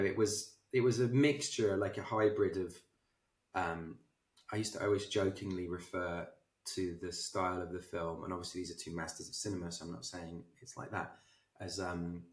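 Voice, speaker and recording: Man, low voice, animated self-deprecating storyteller, roomy echo. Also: recorded from a distance. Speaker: film director, interview guest. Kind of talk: casual interview storytelling.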